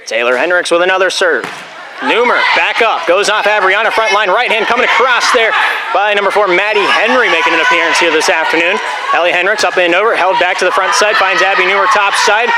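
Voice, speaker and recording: High-voiced young man calling volleyball. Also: heavy background noise. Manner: jokey, rambling asides between rapid play calls. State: a bit out of breath. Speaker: play-by-play announcer. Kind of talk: volleyball play-by-play commentary. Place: school gym. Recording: loud gym ambience.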